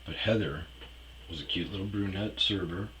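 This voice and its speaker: A man's voice: low-pitched, moderate pace, pushed and bright, a little hiss or hum, rough recording. A man telling a rambling personal story in a casual, profane way, trailing off with fillers. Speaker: storyteller host.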